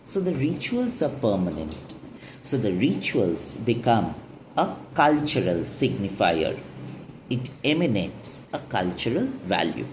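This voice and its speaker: Low, slow-talking woman teaching a poem. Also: very animated, darkish tone, slight background noise. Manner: explains line by line, asks and answers her own questions. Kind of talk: literature lesson explaining a poem.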